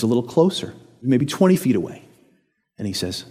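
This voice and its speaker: A man preaching a sermon in a conversational way, asking rhetorical questions and dropping to a quiet, low voice on key phrases. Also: sing-song, moderate pace. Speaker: pastor.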